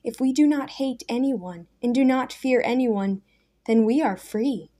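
A humble, calm man of faith, as a woman puts him on while reading a storybook. He speaks slowly and steadily, his quiet conviction never rising to a shout. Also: on the high side, voice pushed up. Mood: calm, steady.

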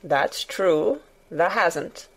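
A woman's voice: fairly low pitch, lively intonation, drawn-out words, exaggerated voice. A woman doing a grumbling old gardener. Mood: gruff. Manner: grunting, grumbling, curt. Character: grumbling old male gardener, gruff and cross.

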